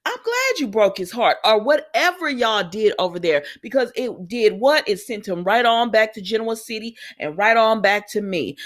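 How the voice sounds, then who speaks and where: A woman's voice: on the high side, moderate pace, few pauses. A woman casually recapping a soap opera episode, acting out the characters' lines as she goes. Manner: animated, acts out characters' lines. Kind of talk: casual recap with acted quotes.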